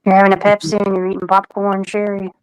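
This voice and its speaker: A woman hosts a casual live chat, playful and stubborn as she greets viewers by name. Her voice sits at a middle pitch and sounds dry and close, with little room around it. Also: completely flat delivery, fast, clear, resonant tone, no room sound, rough recording. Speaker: livestream host.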